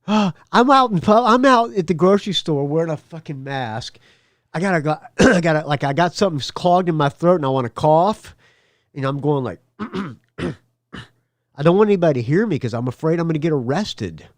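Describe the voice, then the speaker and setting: A man's voice: a little high, expressive, normal speed, no room sound. A man hosting a casual podcast, rambling and profane, laughing between his asides. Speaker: podcast host. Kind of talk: casual solo podcast chat.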